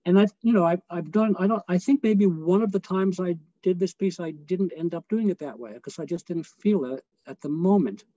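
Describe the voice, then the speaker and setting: A man, a choral conductor, gives a relaxed and chatty lecture over a video call and sings short phrases to show his points. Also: high-pitched, normal speed, hardly any pauses, no echo. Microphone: video call microphone. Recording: dull, dry video call audio.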